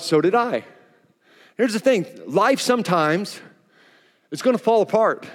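A male pastor preaching a sermon, telling stories and acting out the voices in them, recorded in a church hall. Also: high-pitched. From Oklahoma. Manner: animated storytelling, acts out quotes. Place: church auditorium.

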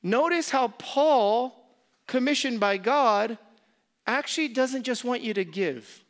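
A man preaching a sermon as pastor, impassioned, repeating key phrases and swinging from loud emphasis to soft, intimate asides. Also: extremely high pitch, lively intonation, slow.

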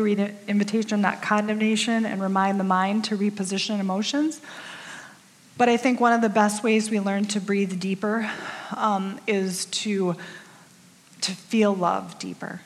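A woman's voice: mid-range voice, steady tone, moderate pace. A woman in her fifties gives a conversational sermon to a women's group, telling stories about herself with candid, self-deprecating humor. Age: 50s. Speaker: women's ministry speaker. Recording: long reverb of a large hall.

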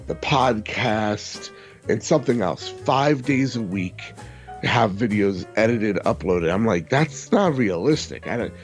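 A man's voice: on the low side, unhurried, soft background music. A young man in a casual podcast chat, telling a long frustrated story and swearing freely. He quotes other people in mimicked voices as he goes. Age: young adult.

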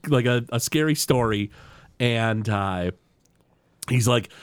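This podcast co-host speaks slowly with long pauses, his voice clear and resonant in a recording with no room sound. Recapping a cartoon episode in casual chat, he animatedly retells scenes, scattering "like" and "you know" throughout and jumping his pitch for quoted lines.

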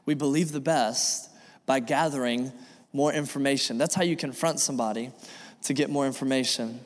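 Male pastor, mid-pitch, earnest preaching, reverberant sanctuary sound. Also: normal speed. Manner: earnest, repetitive preaching with acted dialogue. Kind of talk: sermon. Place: church sanctuary. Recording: long reverb of a church hall.

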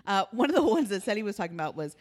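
This woman talks in rapid-fire fashion at a medium pitch while co-hosting a podcast. Her storytelling in the casual chat is animated, punctuated by frequent laughter.

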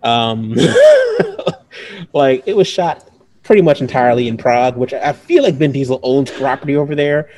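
A man's voice: medium pitch, normal speed, a little mellow. A man casually reviewing movies as a podcast co-host, rambling and laughing often.

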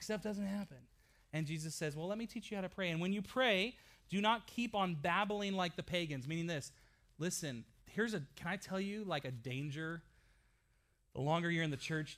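A man's voice: on the high side, moderate pace, a bit bright. A middle-aged man preaching a sermon as a pastor, storytelling with humor and building to passionate emphasis.

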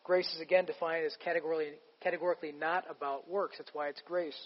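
A man's voice: a little high, little pitch movement, quick pace, in a large hall, muffled recording. A man preaching a sermon as a pastor, emphatic and conversational, asking the congregation rhetorical questions.

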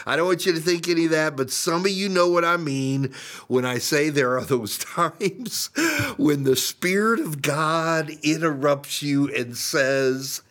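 An older man, a pastor, preaching a sermon and telling a story, acting out quotes with sudden jumps in pitch. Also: measured pace, a bit bright.

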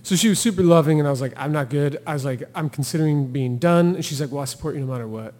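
In a large hall, a thru-hiker on a podcast tells his story very fast in a high-ish voice. His casual telling is lively, with quotes acted out and frequent laughter.

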